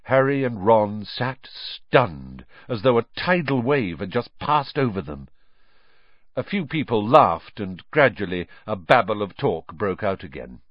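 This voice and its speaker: A man reading a children's novel aloud as audiobook narrator, with expressive storytelling. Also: lowish voice, a little slow, no echo. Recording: dry, dull lo-fi recording.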